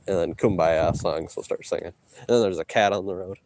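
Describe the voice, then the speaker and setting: A man streaming from an outdoor hike, trash-talking his chat in a boastful, mocking way with loud teasing outbursts. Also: sits low, fairly even intonation, fairly quick, noisy background. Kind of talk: casual trash talk to chat while hiking.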